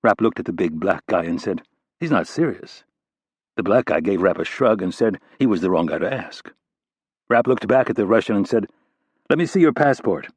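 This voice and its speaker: A male audiobook narrator with a low, husky voice, reading in a steady, even way. The sound is close and dry, with no room around it. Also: brisk, no echo. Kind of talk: scripted narration.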